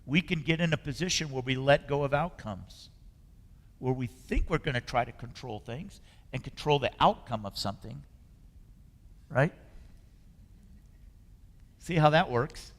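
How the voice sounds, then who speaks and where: A man's voice: mid-range voice, unhurried, pauses often. Earnest male preacher in a reverberant hall. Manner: conversational, earnest, trailing off softly at phrase ends. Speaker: spiritual leader. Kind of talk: sermon. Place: church sanctuary.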